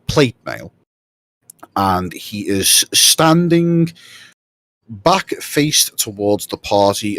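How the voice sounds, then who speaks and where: Low, lively game master narrating. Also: male voice, no echo. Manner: rambling narration with fillers.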